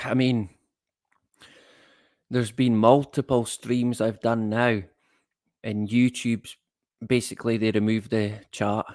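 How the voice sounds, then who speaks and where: A middle-aged man hosts a livestream in an unhurried, rambling way. He drifts between thoughts and laughs softly at his own asides. His voice is close and dry, with no room sound around it. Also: mid-range voice, no echo. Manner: rambling and chatty, greets viewers, chuckles at his own jokes. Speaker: livestream host. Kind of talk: casual livestream chat.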